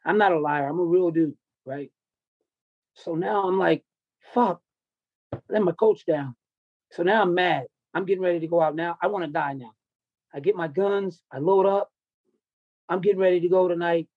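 A man's voice: high voice, fairly even intonation, moderate pace, no echo, narrow, tinny audio. A man who coaches wrestling tells a raw personal story in an interview, intense, confessional and full of swearing.

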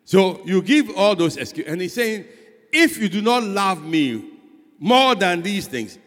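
A man, a pastor preaching a sermon, swinging between loud and soft and asking rhetorical questions. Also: high voice, very animated, unhurried. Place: church hall. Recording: long church hall reverb.

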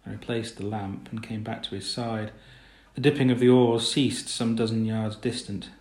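A man narrating a story in a measured, low-key reading. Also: fairly even intonation, a little mellow. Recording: roomy echo.

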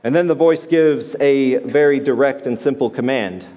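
A man's voice: medium pitch, normal speed, hardly any pauses, mellow. Man preaching a conversational sermon in a reverberant hall. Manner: conversational, many restarts and repeated words. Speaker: pastor. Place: church sanctuary.

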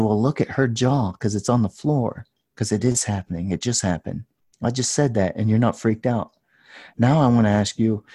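Earnest, mellow-voiced man telling a story. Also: medium pitch. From United States. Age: 30s. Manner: earnest, intense, rising to loud passion. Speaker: podcast guest. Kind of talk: casual storytelling.

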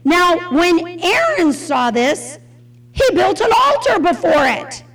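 A woman leads a Bible study with a high voice that leaps up and down. She teaches in an expressive, conversational way and puts questions to her listeners. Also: slow, a crowd in the background, rough recording.

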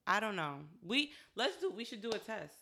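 Animated, bright-voiced young woman co-host. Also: medium pitch, moderate pace. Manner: animated, laughs often, acts out stories in voices. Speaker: podcast co-host. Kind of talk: casual chat.

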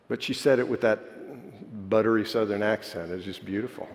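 A man preaching a sermon, moving between animated preaching and soft, quiet storytelling. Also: on the low side, fairly quick, few pauses. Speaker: pastor. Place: church sanctuary. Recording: long hall reverb.

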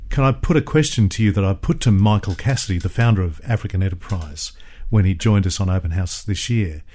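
Low, mellow-voiced radio host. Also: male voice, a little fast. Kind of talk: radio interview.

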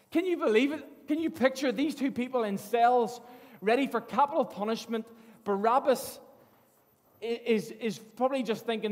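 A man's voice: extremely high pitch, moderate pace, a little mellow. A man preaching a sermon, telling the story earnestly and often repeating his words as he goes. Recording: long hall reverb.

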